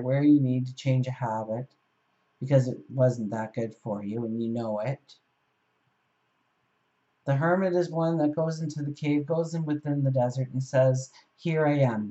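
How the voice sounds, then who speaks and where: A woman leads a tarot reading and tells a parable to her listeners. Her delivery is gentle and encouraging. Her voice is warm and mellow, and the recording sounds muffled and lo-fi. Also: rumbling low. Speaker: tarot reader. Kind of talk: spoken tarot reading with storytelling.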